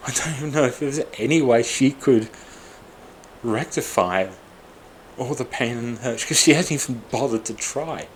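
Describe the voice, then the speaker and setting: A man's voice: mid-range voice, normal speed, slight background noise. A man in his forties, upset and exhausted, venting in a bitter, raw personal monologue full of swearing. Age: 40s. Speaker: vlogger.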